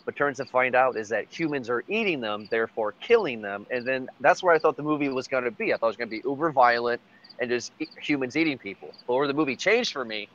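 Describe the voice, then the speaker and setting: A man talks through a movie on a casual podcast, excited and quick to laugh. He swears freely, and his voice sits at a middle pitch. The sound is dull and lo-fi. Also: slight background noise. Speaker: podcast host. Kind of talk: casual chat.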